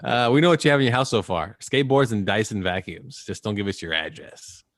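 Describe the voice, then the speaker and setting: A man's voice: lowish voice, brisk, a bit bright, no room sound, clean studio sound. A man hosting a podcast, chatting casually and joking as he wraps up the show. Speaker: podcast host. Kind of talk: casual chat.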